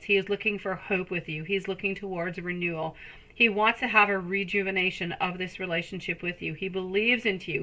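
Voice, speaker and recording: A woman's voice: medium pitch, pushed and bright, low-quality recording. A woman giving a live-streamed tarot reading, talking in an affectionate, soothing way and calling her viewers pet names. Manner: soothing, reassuring. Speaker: tarot reader.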